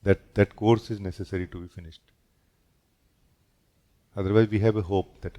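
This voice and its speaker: A man, a spiritual teacher, giving a gentle and reflective satsang talk, often closing his sentences with a questioning "no?". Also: on the low side, fairly even intonation, moderate pace, pauses often.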